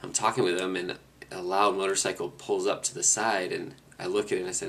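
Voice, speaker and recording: In a creaky, low-pitched voice at a fairly quick clip, a man recounts his cross-country motorcycle trip. The storytelling is easygoing and rambling, with frequent restarts.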